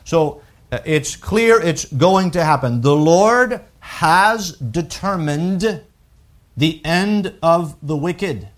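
High-voiced, slow, emphatic preacher man. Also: lively intonation. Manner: emphatic preaching with big swings in loudness; unhurried, deliberate, with pauses and repeated words. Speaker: pastor. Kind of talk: sermon.

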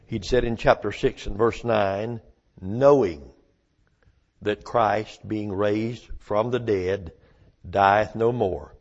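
A male preacher delivering a sermon, slow and emphatic, with dramatic pauses and rhetorical questions. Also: lowish voice, dull audio.

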